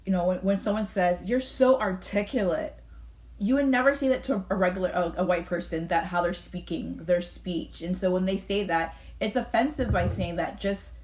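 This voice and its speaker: A woman's voice: lowish voice, a little fast, hardly any pauses, a little mellow. A woman from Canada, a pastor, speaking candidly in a conversation for a church video.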